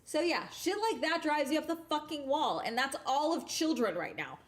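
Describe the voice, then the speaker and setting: A woman's voice: high-pitched, lively intonation, normal speed. A young woman telling a work story in a casual vlog rant, swearing constantly and often ending sentences with "okay?". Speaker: vlogger.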